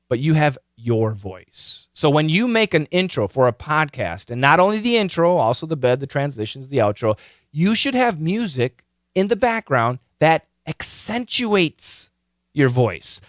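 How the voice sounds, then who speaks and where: Lively man hosting an advice podcast. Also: unhurried, no room sound, studio quality. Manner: animated, explanatory, pitch leaping on key words. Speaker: podcast host. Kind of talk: casual advice talk.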